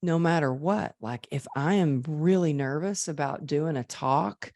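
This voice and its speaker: A woman guest on a podcast, telling personal stories in a lively conversational way. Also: low voice, a little slow, no echo, clean studio sound. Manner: lively, acts out quoted voices. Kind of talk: conversational storytelling.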